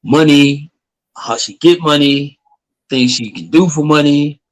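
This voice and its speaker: A man's voice: fairly high pitch, unhurried, poor audio. A man guesting in a casual chat, laid-back, answering briefly with fillers. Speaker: guest, former boxer.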